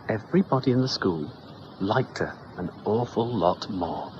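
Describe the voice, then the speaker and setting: A man reading a children's story aloud in an expressive, playful way. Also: fairly low pitch, normal speed, highs cut off, slight background noise.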